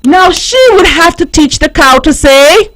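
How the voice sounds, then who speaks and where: A woman reading a picture book aloud to a child on a radio show, stopping often to ask gentle questions and playing with animal sounds. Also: high-pitched, a little slow. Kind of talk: storybook reading with teaching questions. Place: radio studio.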